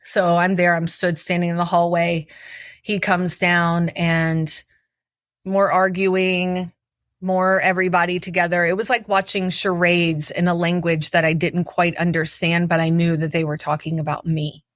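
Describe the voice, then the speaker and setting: A woman's voice: lowish voice, flat delivery, unhurried, no echo. Woman recounting her story, close and dry. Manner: vivid, urgent retelling with acted-out quotes. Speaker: podcast host telling her own story. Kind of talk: personal storytelling.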